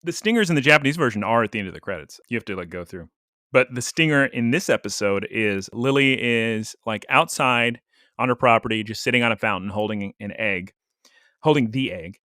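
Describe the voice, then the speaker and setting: Recapping an episode of anime on a podcast he co-hosts, a man chats casually, rambling and joking with lots of "like" fillers. He talks fairly quickly at medium pitch, his voice pushed and bright, in studio quality with no room sound.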